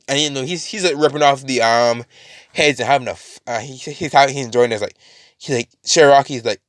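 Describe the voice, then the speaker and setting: A man's voice: mid-range voice, quick pace, a bit bright, no room sound, studio quality. A man casually retelling a fan-made story, rambling with many fillers and restarts.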